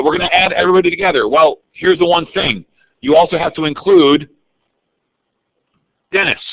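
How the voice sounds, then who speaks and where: Man, math teacher, lively pitch, gravelly voice, dull dry lo-fi sound, calling on students. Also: dry recording. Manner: calls on students by name, animated and upbeat. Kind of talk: live online algebra review lesson.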